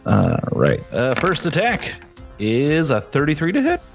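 An easygoing man talks through his dice rolls in a tabletop game over a video call. His voice has a strong gravelly fry and moves expressively, often breaking into chuckles. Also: a little high, huge pitch swings, a little slow, soft background music. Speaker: player. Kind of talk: casual tabletop play.

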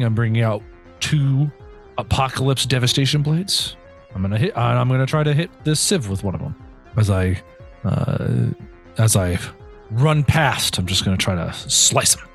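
A man's voice: lowish voice, moderate pace, soft background music. A man playing a tabletop game on a video call, playful and given to exclamations. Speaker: player. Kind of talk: casual tabletop play.

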